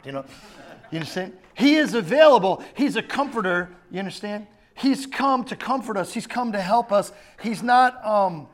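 A man preaching a sermon in a conversational way, often asking the congregation whether they understand. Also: high-pitched. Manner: conversational preaching, asks the crowd questions. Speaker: pastor.

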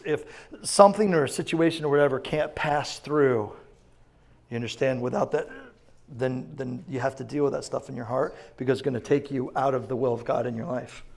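Guy preaching in church, kinda high voice, gets loud n punchy then drops way down quiet. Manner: rising to loud emphatic preaching, then dropping low. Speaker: pastor. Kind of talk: sermon. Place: church sanctuary.

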